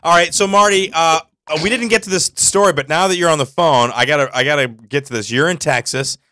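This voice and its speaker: A man hosting a casual comedy show, teasing and exclaiming in an animated way. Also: on the high side, a little fast, dry recording. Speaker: show host.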